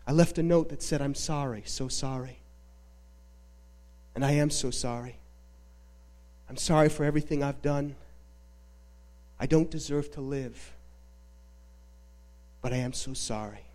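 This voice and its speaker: A man's voice: high-pitched, moderate pace, a little mellow, close to an everyday voice. A man voicing a guilt-ridden man who pleads and confesses his wrongs, inside a sermon's retelling. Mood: confessing. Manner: pleading, broken and repentant.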